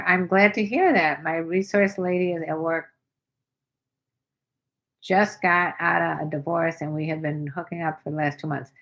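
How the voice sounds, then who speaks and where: An older woman with a fairly low voice chats frankly on her livestream. She reads viewer comments aloud and answers them in a playful, offhand way. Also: a bit bright, low-quality recording. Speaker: livestream host. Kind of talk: casual livestream chat reading viewer comments.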